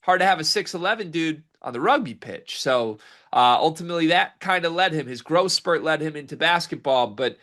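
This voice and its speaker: A man's voice: fairly high pitch, lively intonation, fairly quick, a bit bright. A man hosting a casual sports podcast, teasing his co-host dryly and then recapping an interview.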